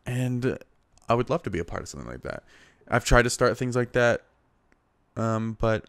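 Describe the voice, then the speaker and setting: A man's voice: mid-range voice, lively intonation, normal speed, vocal fry, dry recording. A young man hosting a casual solo podcast, talking in a rambling, self-deprecating way full of fillers and restarts, recorded on a small handheld recorder. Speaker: podcast host.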